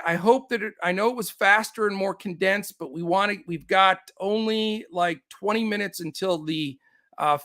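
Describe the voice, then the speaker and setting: Upbeat, high-voiced man. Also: bright, forceful tone, no echo, clean studio sound. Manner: quick, upbeat, many fillers. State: out of breath. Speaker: fantasy sports host. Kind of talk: live-stream picks rundown.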